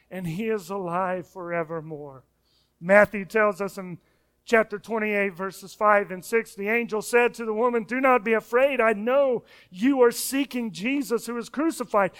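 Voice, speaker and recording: A pastor delivers a sermon in a high, smooth, clear voice at a measured pace. He stresses his points with emphasis and repeats words as he picks up speed. His key phrases trail off into a soft hush.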